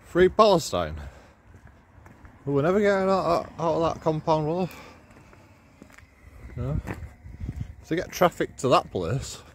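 A man's voice: a little high, sing-song, measured pace, long pauses, a little hiss or hum. A man, walking outdoors and giving mocking commentary to his phone camera while laughing at his own jokes. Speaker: vlogger. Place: outdoors on city streets.

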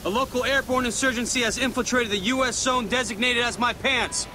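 A man's voice: very high voice, fairly even intonation, brisk, noisy background. An actor playing a joking male army sergeant who talks in a wisecracking, mock-formal way in a game. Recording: game audio over clear music.

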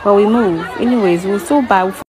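A woman vlogs on her phone at an outdoor venue, talking in an indignant, exclaiming way. A crowd can be clearly heard around her. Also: mid-range voice, normal speed, low-quality recording. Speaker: vlogger at an event. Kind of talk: casual outdoor vlog commentary.

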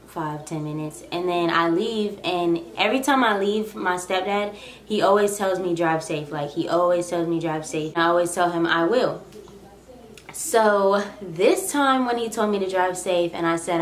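Chatty young woman in an echoey room. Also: lowish voice. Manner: chatty, rambling, animated retelling. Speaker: vlogger. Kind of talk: casual storytime.

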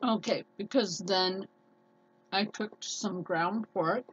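Slow-talking woman with a scratchy nasal voice. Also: medium pitch, slightly rough, muffled recording. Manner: rambling, chatty, many fillers and restarts. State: scratchy, slightly hoarse voice. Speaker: cooking vlogger. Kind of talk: casual cooking chat.

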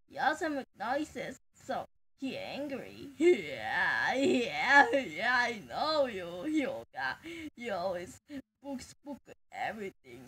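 A woman jokes around in playful reaction banter, teasing and swearing between giggles. Her voice sits high and swoops wildly up and down, and she takes her time with the words. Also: a bit bright. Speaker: fan video maker.

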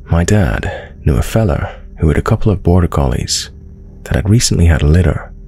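A man narrating a true horror story in the first person with a measured storytelling delivery. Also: deep voice, expressive, vocal fry, mellow, slight background noise.

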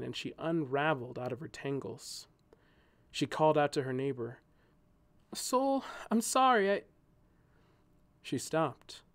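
A man reading a storybook aloud in scripted narration, with a gentle, measured telling. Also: mid-range voice, no room sound.

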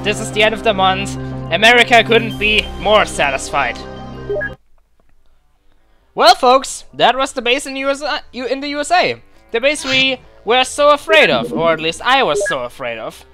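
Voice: medium pitch, very animated, normal speed, pushed and bright, faint music behind. A let's play commentator giving casual, gleeful commentary with a scratchy throat, talking to the soldiers on screen. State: throat acting up, clearing it.

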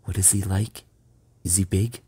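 A man's voice: low-pitched, fairly even intonation, moderate pace, mellow, husky, dry recording. A man voicing a cautious, nervous young boy who speaks hesitantly and a little huskily, in a storybook reading.

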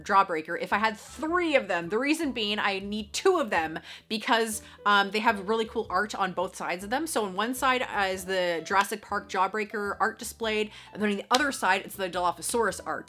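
Bubbly, bright-voiced Canadian woman vlogger. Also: mid-range voice. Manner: bubbly, gushing, squeals with excitement. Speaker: collector vlogger opening fan mail. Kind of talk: casual unboxing chat.

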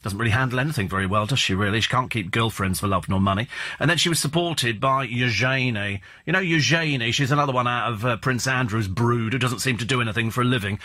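A man's voice: mid-range voice, fast talker, pushed and bright. A man hosting a talk radio show, chatting in a rambling, opinionated and sardonic way about gossip and the news. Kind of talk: casual chat and celebrity gossip commentary. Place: radio studio. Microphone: studio microphone.

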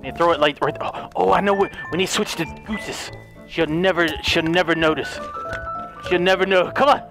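A man giving excitable let's play commentary, yelling, gasping and talking in first person as the character he plays. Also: sits high, normal speed, over music. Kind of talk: gaming commentary.

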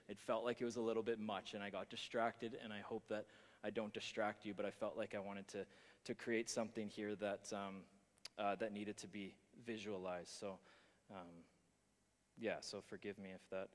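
A man's voice: lowish voice, big-room sound. A man preaching a sermon, talking with many restarts and fillers.

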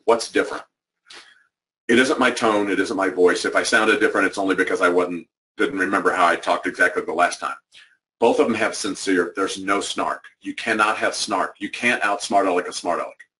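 Emphatic low-voiced man presenting from afar. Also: steady tone, brisk, pushed and bright. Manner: emphatic, repetitive, conversational. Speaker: workshop presenter. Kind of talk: motivational training talk. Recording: distant microphone.

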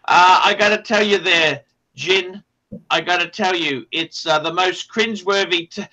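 A man's voice: high-pitched, a little slow, pushed and bright, rough recording. A man hosting a casual livestream chat, swearing freely and reading out donations. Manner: brash, profane, rattles off donation names. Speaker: livestream host.

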